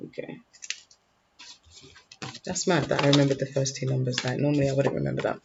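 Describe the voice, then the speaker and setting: A man's voice: mid-range voice, level tone, fairly quick, vocal fry. A man giving a casual tarot reading to camera, informal and slangy, often checking in with "okay?". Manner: informal, peppered with "okay?" and "like", loose slangy phrasing. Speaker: tarot reader. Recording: dull lo-fi recording with faint noise.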